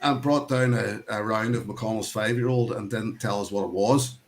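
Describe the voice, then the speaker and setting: A man's voice: fairly low pitch, normal speed, slight background noise. Rambling Northern Irish man hosting. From Northern Ireland. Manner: rambling, laughs often, swears casually. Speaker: host of online whisky tasting. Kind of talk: casual video-call chat. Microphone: video call.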